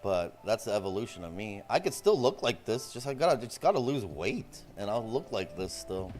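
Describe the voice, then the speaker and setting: A man in his forties rambles through stories in a loose, profane streamer chat. His pitch swings lively up and down as he talks, with faint music playing behind him. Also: moderate pace. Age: 40s. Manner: loose, profane, animated, says "bro" a lot. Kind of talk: casual storytelling chat.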